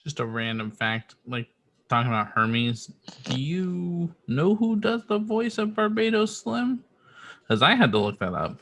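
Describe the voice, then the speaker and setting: Male co-host, husky and animated, casual asides. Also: a little high, measured pace. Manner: chiming in with asides. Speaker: podcast co-host. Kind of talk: casual podcast chat.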